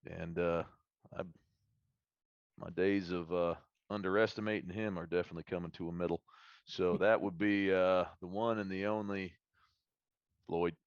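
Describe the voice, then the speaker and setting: A man's voice: deep voice, steady tone, moderate pace, long pauses, clean tone, no echo, highs cut off. A man voicing a crude, boastful male Marine monster hunter with a put-on Southern redneck accent and a swaggering, profane drawl.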